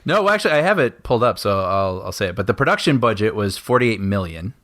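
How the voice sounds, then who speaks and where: Animated man chatting movie commentary. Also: on the low side, quick pace, no echo, clean studio sound. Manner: animated, laughs often, trails off mid-sentence. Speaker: podcast co-host.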